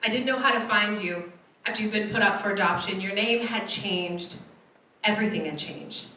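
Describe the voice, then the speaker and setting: A woman quoting her father in a quiet, pleading voice, heard from far off in an echoey hall. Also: medium pitch, moderate pace, slight background noise, natural voice. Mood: remorseful. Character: remorseful soft-spoken father.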